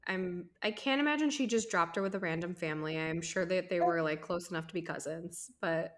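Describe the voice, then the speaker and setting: A woman's voice: on the low side, fairly quick, a bit bright. A young woman co-hosting a casual podcast, chatting and gossiping about reality TV and laughing often. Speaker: podcast co-host. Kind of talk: casual chat.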